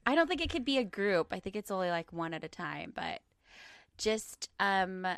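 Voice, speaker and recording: A woman's voice: mid-range voice, very animated, normal speed, gravelly, a bit bright, no echo, clean studio sound. A woman co-hosting a podcast, chatting casually and laughing often. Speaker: podcast co-host. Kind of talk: casual chat.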